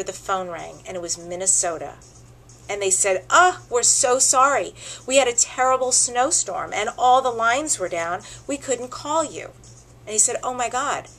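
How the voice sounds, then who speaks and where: Expressive woman telling a tribute story. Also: mid-range voice, poor audio. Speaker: host.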